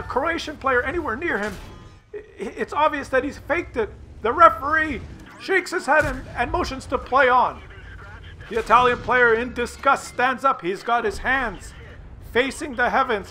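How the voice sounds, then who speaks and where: A man's voice: very high-pitched, bright, forceful tone, slight background noise. A man, hosting a gaming channel and ranting over gameplay in a profane, sarcastic way, slipping into mock play-by-play. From Canada.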